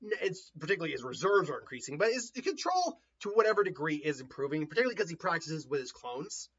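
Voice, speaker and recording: Animated, husky-voiced man retelling a story. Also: on the high side, quick pace. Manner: animated, laughs often, acts out voices. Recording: dull lo-fi recording.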